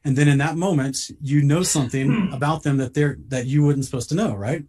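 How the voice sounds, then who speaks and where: A man telling a personal story in a casual podcast talk, earnest and halting, often repeating words as he starts a sentence. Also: on the high side, dark tone, breathy edge.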